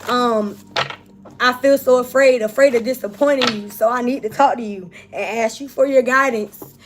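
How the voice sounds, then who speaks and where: Her voice is a little high and her pace moderate, with a bit of hiss or hum in the recording. Giving a spiritual tarot reading to her viewers, she's casual, emphatic, and emotional, sounding on the verge of tears.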